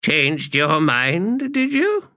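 A man's voice: on the high side, wildly swooping pitch, extremely slow, sharp tone, no room sound, clean studio sound, pitched above the performer's own voice, exaggerated voice. A man voicing a scornful old female sorceress who scolds sharply, in an audiobook.

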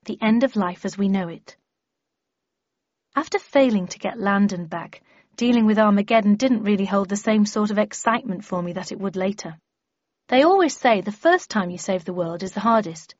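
A woman's voice: medium pitch, expressive, moderate pace, no room sound. A woman narrating a first-person audiobook in a wry, understated storytelling manner. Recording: dry, slightly muffled lo-fi recording.

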